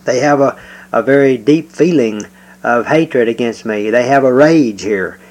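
A man preaching through a psalm verse by verse, speaking in a measured way with frequent pauses. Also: mid-range voice, darkish tone, poor audio. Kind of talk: verse-by-verse Bible teaching.

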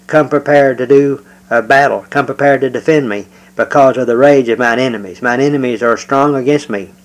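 Male preacher, mid-range voice, unhurried verse-by-verse teaching with many pauses. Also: mid-range voice, poor audio. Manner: measured, with frequent "uh" pauses.

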